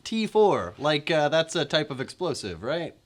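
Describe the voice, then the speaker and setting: A man's voice: on the high side, sing-song, normal speed. A man co-hosting a guitar gear show, chatting casually with playful jokes. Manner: joking, playful asides. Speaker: co-host of a gear demo show. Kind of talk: casual chat.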